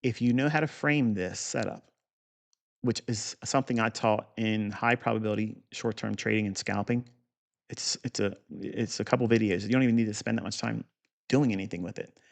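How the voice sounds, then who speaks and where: Gravelly guy at a desk mic walking thru trading charts, blunt, swears a lot, kinda cocky. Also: lowish voice, brisk. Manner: blunt, profane, boastful, asides. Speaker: trading educator. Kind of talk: unscripted chart walkthrough.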